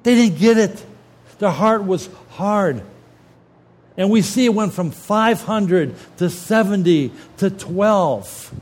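Speaking slowly in a somewhat high voice, a preacher retells scripture stories with lively, everyday language and casual street-level turns of phrase. His sermon comes across as warm pulpit storytelling rather than a formal reading.

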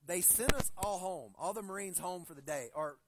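A man's voice: high-pitched, expressive, moderate pace, heavy background noise. A man in his forties preaching a sermon, earnest and building to emphatic stresses, weaving personal stories into his point. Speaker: pastor.

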